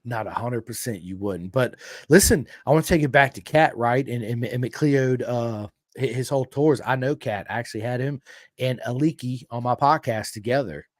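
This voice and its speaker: A man's voice: mid-range voice, moderate pace, dry recording. Country-accented American man, podcast host, hyped-up storyteller, dry sound. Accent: American Southern country. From United States. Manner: excitable storyteller, swears freely, big swings in energy. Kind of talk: casual chat.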